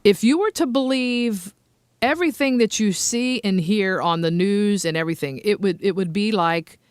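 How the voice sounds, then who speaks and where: A woman's voice: mid-range voice, moderate pace, smooth, no echo, clean studio sound. A middle-aged woman hosting a podcast from home, chatting casually and teasing her co-host, laughing often. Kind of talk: casual chat.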